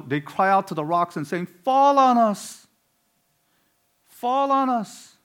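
A man preaches a sermon in a voice of ordinary, middle pitch. He drives his points home with loud, emphatic bursts, then drops to low, quiet asides, giving his delivery a strong rise and fall.

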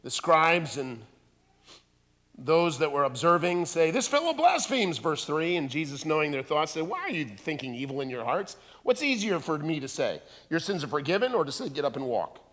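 Animated preacher man in a reverberant hall. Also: on the high side. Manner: animated, acts out voices in quotes. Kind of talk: sermon.

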